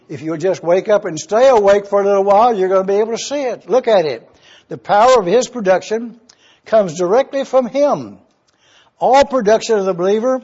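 Older male preacher, husky high voice. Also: a little mellow. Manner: rhetorical questions answered himself, emphatic repetition. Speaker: pastor. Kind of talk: sermon. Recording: dull lo-fi recording.

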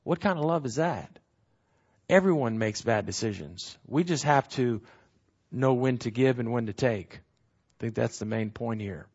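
A man's voice: mid-range voice, unhurried, darkish tone, breathy edge, highs cut off. Man teaching scripture verse by verse. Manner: explanatory, repeats key phrases for emphasis. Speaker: bible teacher.

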